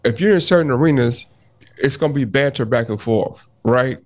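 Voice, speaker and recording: A man's voice: medium pitch, moderate pace, dry recording. A man co-hosting a podcast, arguing his point in casual chat, often restarting and cutting in to hold the floor. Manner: animated, restarts often, repeats "hold on" to cut in. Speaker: podcast co-host.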